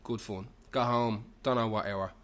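A young Irish man, a podcast host, swears heavily while rambling through a comic anecdote in a pub, his Dublin slang spilling into loose, run-on storytelling. His voice sits on the low side and is a bit bright, with fairly even intonation at a normal speed.

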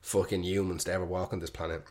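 Swearing Irish radio host, lowish voice. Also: male voice, flat delivery, fast talker, darkish tone. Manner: swears freely, joking and irreverent. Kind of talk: casual rambling monologue.

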